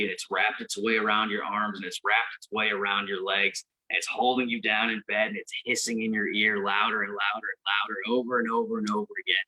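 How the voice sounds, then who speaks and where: A man with a bright, forward voice delivers a stand-up set at a live venue. He tells his story in a deadpan way, then jumps up into sudden high-pitched cheering. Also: rough recording. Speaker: stand-up comedian.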